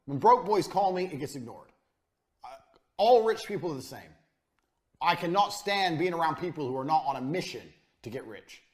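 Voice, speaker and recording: Guy lecturing about money, blunt and bossy, lots of swearing, pitch a bit on the high side. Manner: blunt, profane, commanding. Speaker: business coach. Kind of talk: business course lecture.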